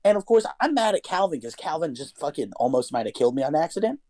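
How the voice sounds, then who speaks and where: A man's voice: on the high side, very animated, fast talker, warm tone, no echo. A young man co-hosting a podcast, telling a story in casual chat, swearing a lot and talking with animation. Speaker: podcast co-host.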